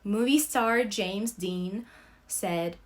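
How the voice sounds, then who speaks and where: Brief: young woman, unhurried dramatic reading of a novel, mid pitch, dynamic from whispers to loud. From Russia. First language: Russian. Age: young adult. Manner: expressive, swings between loud outbursts and soft whispers. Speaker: student reader.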